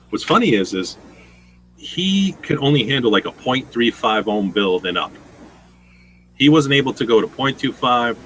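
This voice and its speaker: A man with a bright, forceful voice hosts a relaxed chat and rambles through stories, swearing freely. A faint hiss of noise sits under him in the room. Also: medium pitch, rough recording. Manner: rambling, profane storytelling. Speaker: host. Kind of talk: casual chat.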